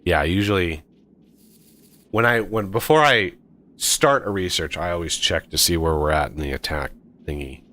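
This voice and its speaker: A man's voice: deep voice, normal speed, sharp tone. A man streaming a multiplayer game, casually thinking aloud and counting off steps as he builds. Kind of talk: casual multiplayer gameplay chat.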